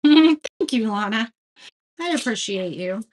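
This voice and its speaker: A woman's high-leaning, expressive voice moves slowly as she hosts a live craft tutorial. She's chatty, makes fun of herself, laughs at her mistakes, and reads viewer comments out loud.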